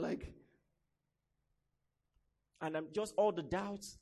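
Young guy preaching, high voice, acts out all the people in his stories. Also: normal speed. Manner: animated storytelling, acts out quoted voices. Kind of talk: sermon.

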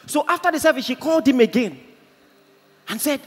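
A man's voice: very high-pitched, lively intonation, fairly quick. A man with a Nigerian accent preaching a sermon in an impassioned, storytelling way. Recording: echoey hall, faint ambience.

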